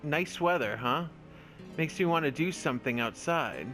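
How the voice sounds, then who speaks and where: A man's voice: a little high, lively intonation, moderate pace, a bit bright, faint music behind. A man reading the lines of a carefree, eccentric male bird scientist in a video game, in a breezy, offhand way close to his own voice.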